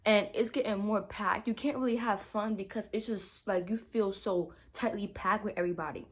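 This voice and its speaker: A woman's voice: medium pitch, normal speed. A young adult woman telling a dramatic story in a casual vlog, talking straight to her viewers with lots of "like" and "y'all". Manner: animated, dramatic storytelling, heavy use of "like", addresses viewers as y'all. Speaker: vlogger.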